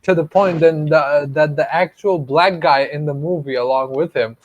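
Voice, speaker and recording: A man's voice: a little high, moderate pace, highs cut off. A man co-hosting a podcast, rambling in casual chat, swearing freely and laughing often. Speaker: podcast co-host.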